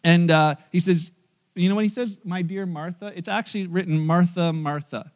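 A man preaching a sermon in church, animated and joking, acting out scenes. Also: sits high, moderate pace. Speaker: pastor.

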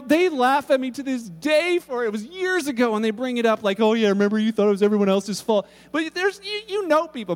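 Pastor preaching, casual and joking, very high voice, long hall reverb. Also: male voice. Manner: casual, humorous storytelling with many restarts. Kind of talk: sermon.

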